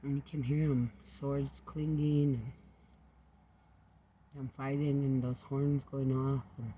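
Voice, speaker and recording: A man's voice: medium pitch, little pitch movement, takes it slowly, mellow, a little hiss or hum. A man rambling into a home recording, drifting from topic to topic and often sinking to a near-whisper.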